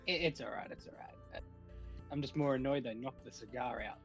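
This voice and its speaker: A man playing a tabletop game, speaking in a hesitant, relaxed way. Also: medium pitch, a little fast, soft background music. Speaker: player. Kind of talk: casual tabletop play. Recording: dull lo-fi mic.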